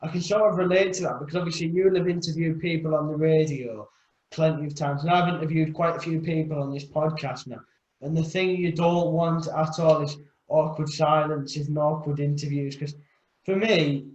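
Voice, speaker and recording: A man hosting a podcast interview, a bit halting as he starts his questions. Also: a little high, fairly even intonation, a little mellow, roomy sound, muffled recording. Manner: halting, repeats words when starting. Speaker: podcast host. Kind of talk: casual interview chat.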